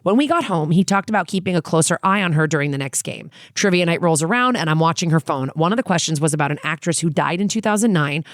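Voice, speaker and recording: A woman's voice: lowish voice, expressive, quick pace, hardly any pauses, dry recording, clean studio sound. A woman in her thirties co-hosting a podcast, chatting bluntly with plenty of swearing and reading out listener emails. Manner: blunt and profane, laughs often. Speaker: podcast co-host.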